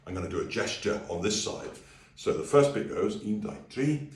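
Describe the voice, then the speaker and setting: A deep-voiced man leads a relaxed singing lesson, explaining each step and singing lines to demonstrate. The room is echoey and he sits a little back from the mic. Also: fairly quick, recorded from a distance. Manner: friendly, easygoing explanations with sung demonstrations. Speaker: music teacher. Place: room with a piano.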